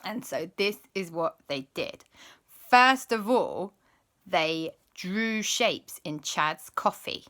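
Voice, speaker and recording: A woman telling a children's story as host, animated and dropping into spooky whispers. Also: fairly low pitch, slow pace.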